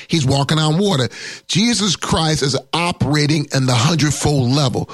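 Man preaching, high voice, dry close sound, emphatic sermon delivery, middle-aged pastor. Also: husky, no room sound. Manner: emphatic preaching, drawn-out words and rising pitch for emphasis.

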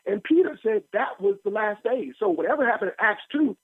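A man, a pastor, preaching in a lively informal way, joking and asking the listeners questions. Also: sits high, a little fast, breathy edge. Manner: animated, joking, asks the listeners rhetorical questions. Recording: tinny phone-line audio, dry.

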